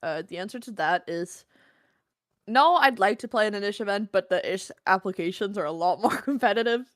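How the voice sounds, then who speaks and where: A woman's voice: mid-range voice, animated, fairly quick, dry recording, studio quality. A young Danish-speaking woman joining a casual stream, chatty and wry, often giggling. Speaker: co-streamer guest. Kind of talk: casual livestream chat.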